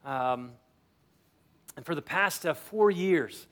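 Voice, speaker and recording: A man preaches a sermon in a relaxed, conversational way. His voice sits high, and he slips into little acted-out snippets of everyday talk to make his points. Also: slow pace. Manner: conversational preaching, acts out quoted dialogue. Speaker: pastor.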